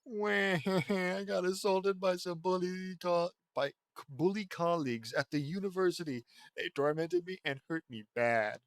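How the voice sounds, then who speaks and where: A man's voice: sits high, measured pace, no room sound, pitched above the performer's own voice. A man reading the lines of a bullied young girl genius in a whiny, tearful tone. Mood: upset.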